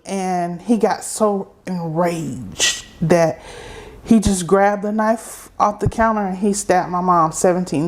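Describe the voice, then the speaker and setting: Middle-aged woman guest, low-leaning voice, halting testimony with pauses. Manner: halting, unhurried storytelling with pauses. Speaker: interview guest. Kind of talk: personal testimony in conversation.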